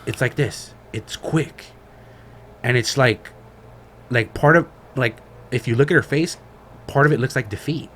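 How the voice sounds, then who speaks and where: Unhurried and pausing at length, a man with a mid-range voice co-hosts a podcast, giving an animated, slang-heavy, swear-filled retelling of a story in casual chat. There's slight hiss or hum in the audio.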